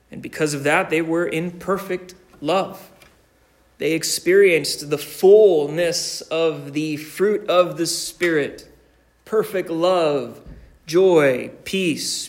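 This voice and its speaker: Slow, deliberate preaching man. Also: on the high side. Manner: preaching with slow, deliberate emphasis and repeated phrases. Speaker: pastor. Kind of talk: sermon.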